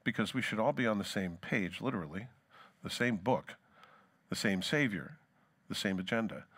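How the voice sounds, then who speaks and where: Speaking at a moderate pace with an expressive voice, a male pastor preaches, giving scripture a dramatic reading that climbs loud and sinks low. Between passages he addresses the congregation casually.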